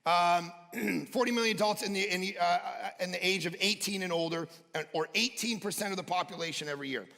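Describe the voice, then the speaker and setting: A man preaching a sermon as pastor, animated, swinging between loud emphatic peaks and quiet low stretches. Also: fast talker, creaky, hardly any pauses. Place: church sanctuary. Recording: church hall reverb.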